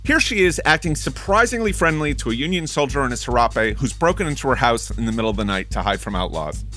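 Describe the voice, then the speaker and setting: Wry, lively male podcast host. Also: mid-range voice, quick pace, soft background music. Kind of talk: interview podcast.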